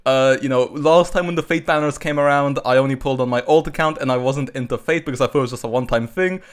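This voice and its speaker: A man's voice: mid-range voice, fast, clear, resonant tone. Chatty male gamer talking over his pulls. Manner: chatty and rambling, many fillers, bursts of excitement. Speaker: gacha game YouTuber. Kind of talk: casual commentary while pulling on a game banner.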